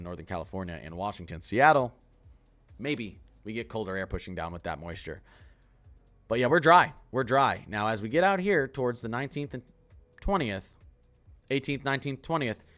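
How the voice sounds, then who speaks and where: A man giving a casual livestream weather forecast, talking quickly and excitably as he chats through model maps. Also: on the low side.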